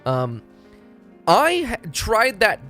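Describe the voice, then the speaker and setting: A man's voice: high-pitched, wildly swooping pitch, drawn-out words, pushed and bright, soft background music. A young man from Texas, chatting casually and profanely on a live stream. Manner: rambling, profane, laid-back.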